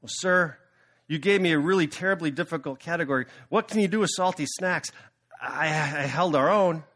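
A man's voice: fairly high pitch, normal speed, fairly bright tone. A man voicing a subdued, apologetic male manager who makes excuses. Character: meek male manager, resigned and defensive.

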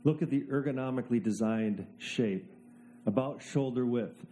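A man delivering a sermon in a very dark, mellow voice. He tells stories with dry, self-mocking humor and often sinks low and quiet for emphasis. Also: normal speed. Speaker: preacher.

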